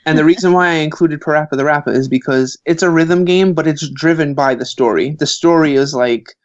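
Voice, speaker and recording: Animated Brooklyn man in his thirties. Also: fairly high pitch, a little fast, dry recording, highs cut off. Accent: New York (Brooklyn). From Brooklyn, New York. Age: 30s. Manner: animated storyteller, acts out quoted voices. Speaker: guest author. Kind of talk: casual podcast chat.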